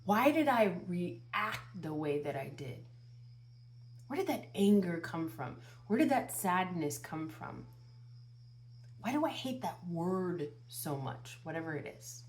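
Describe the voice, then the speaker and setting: A woman tarot reader gives channeled spiritual guidance straight to her viewers. Her voice sits a little low and she takes her time, stretching each phrase. She repeats herself for emphasis and piles up one rhetorical question after another. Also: very animated, slow pace, slight background noise.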